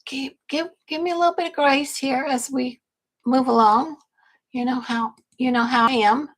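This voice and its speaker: An older woman from Texas, a grandmother who works as a business coach, hosts a casual livestream and chats with viewers, rambling and correcting herself along the way. Her voice is high and steady at a normal speed, though the recording is rough.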